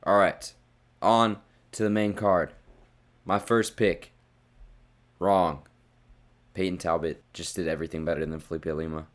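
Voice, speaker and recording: A young man giving a blunt, profane, worked-up recap of fight results, his voice a little worn from shouting. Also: sits low, steady tone, measured pace, long pauses. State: losing his voice. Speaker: fight reviewer.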